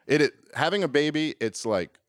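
A man's voice: a little high, expressive, moderate pace, no echo, studio quality. A man in his thirties doing a stand-up comedy set, rambling and self-deprecating, often restarting his sentences and acting out little exchanges.

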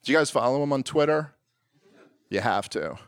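A man in his thirties works through a stand-up set in a rambling, self-deprecating way, stumbling over restarts and slipping into quick acted-out asides. His voice sits at an ordinary middle pitch and comes across close and dry, with almost no room sound around it. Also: expressive, clear, resonant tone, dry recording. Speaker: stand-up comedian.

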